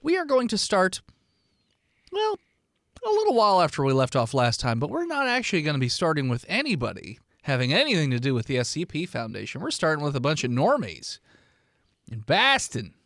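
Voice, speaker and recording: A man's voice: a little high, wildly swooping pitch, fairly quick, fairly bright tone, dry recording, clean studio sound. A man narrating as game master in a loose, chatty way for a comedy tabletop game. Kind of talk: improvised comedy role-play.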